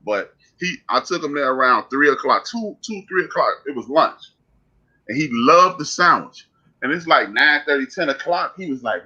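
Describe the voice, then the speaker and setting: A man's voice: fairly high pitch, normal speed. A man from Chicago, co-hosting a podcast, telling stories in casual chat and calling out to the chat room. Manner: animated storyteller, calls out to the chat. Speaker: podcast co-host. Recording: muffled lo-fi audio.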